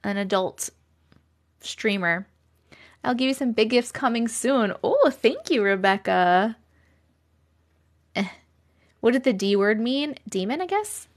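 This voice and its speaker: A woman's voice: on the high side, expressive, slow, pauses often. A woman in her thirties hosting a casual live stream, bubbly and chatty, thanking viewers and reading comments aloud. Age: 30s.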